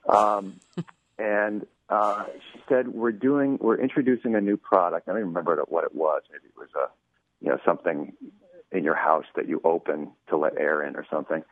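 Deep-voiced man on a tinny phone line. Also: fairly even intonation, normal speed, no room sound. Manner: chatty storyteller, acts out quoted dialogue, many "you know"s. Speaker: producer of a radio show. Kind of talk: interview guest telling an anecdote.

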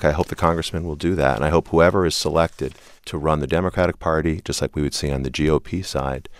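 A man with an extremely low, deep voice gives earnest, measured answers in a broadcast interview. The sound is dry and close, with no room around it. He often sets up his points with a firm "look.". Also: no echo. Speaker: interview guest, civil rights group leader.

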